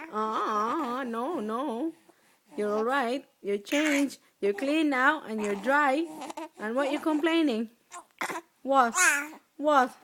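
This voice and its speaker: A woman's voice: high voice, a bit bright, slight background noise. Cooing mother in sing-song baby talk. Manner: coos and asks the same short questions over and over. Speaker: mother talking to her baby.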